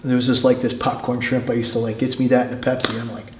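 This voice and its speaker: A middle-aged man from New York City, a martial arts coach telling animated stories in a casual chat and laughing often. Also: medium pitch, fast talker, background noise. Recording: echoey room.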